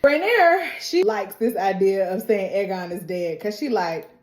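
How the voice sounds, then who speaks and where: A young woman hosting a casual TV recap, telling the story in lively, slangy speech, laughing often and acting out characters' lines. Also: medium pitch, moderate pace, reverberant. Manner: acts out characters' lines in quoted voices. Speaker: TV recap host.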